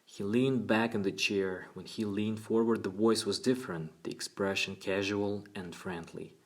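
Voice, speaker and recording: A man narrating a book aloud in a steady, even storytelling manner. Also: on the low side, normal speed. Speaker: audiobook narrator. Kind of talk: audiobook narration.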